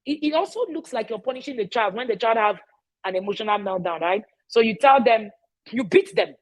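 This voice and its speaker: A middle-aged parenting educator speaks casually to parents in a fairly high, expressive voice, talking a little fast. She is emphatic, repeats key phrases and keeps checking in with "all right?", and the recording is rough.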